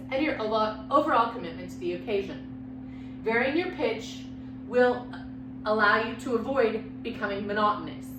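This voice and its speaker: A woman lecturing on public speaking with a loud voice and lively, expressive pitch. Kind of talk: recorded lecture. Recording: echoey room, mic far off, background hum.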